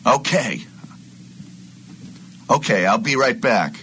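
Helpful husband for a hobby audio drama, read by a man, slow and lively in pitch. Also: slight background noise. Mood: soothing. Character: helpful adult man named Jim.

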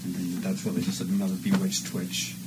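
A man's voice: deep voice, monotone, a little fast. Man casually directing voice actors. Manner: casual, coaching, rambling with fillers. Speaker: director of an amateur audio drama. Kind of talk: directing a recording session. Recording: loud noise, home recording.

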